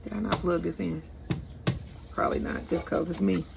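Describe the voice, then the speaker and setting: Her voice is on the low side, with vocal fry and fairly even intonation at a moderate pace. This St. Louis cooking channel host chats with viewers as y'all and laughs at herself in a casual video from her home kitchen, recorded with plenty of background noise.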